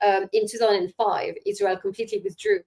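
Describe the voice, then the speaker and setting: A middle-aged woman answering interview questions, emphatic and sarcastic, pausing often with fillers. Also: medium pitch, very animated, darkish tone. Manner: hesitant with many fillers. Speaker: guest commentator.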